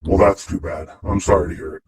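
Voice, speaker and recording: A man's voice: sits low, steady tone, a little fast, darkish tone, husky. A man in casual video chat whose voice runs through a voice changer, joking and laughing as he talks to strangers. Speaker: host chatting with strangers online. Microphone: computer mic on a video chat.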